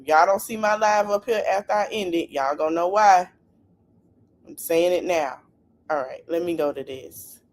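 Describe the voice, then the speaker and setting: A woman's voice: on the low side, normal speed. A woman hosting a casual livestream podcast, chatting straight to her viewers with plenty of asides. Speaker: podcast host.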